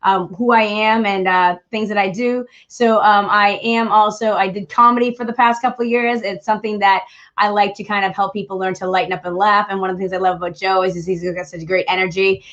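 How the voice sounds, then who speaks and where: A woman's voice: medium pitch, level tone, fairly quick, a bit bright, muffled recording. A woman from Boston with a Boston accent hosting a podcast, chatting casually with a lot of fillers. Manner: chatty, many fillers, friendly. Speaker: podcast host. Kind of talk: casual chat and solo talk.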